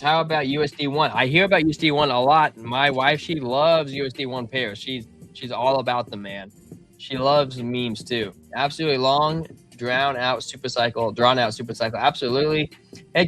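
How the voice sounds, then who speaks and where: A man co-hosting a live show, talking in a rambling, animated way and telling long stories in casual chat. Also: medium pitch. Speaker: podcast co-host.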